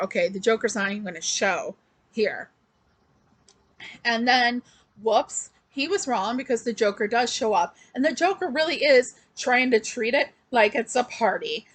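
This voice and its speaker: A woman reviewing comics in a casual, rambling recap, full of fillers and restarts. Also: mid-range voice. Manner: chatty and loose, with many fillers and restarts.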